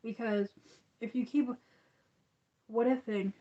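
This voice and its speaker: A woman's voice: on the high side, fairly even intonation, takes it slowly, muffled recording. A woman hosting a crochet channel, chatting casually on a livestream, rambling and restarting with lots of fillers.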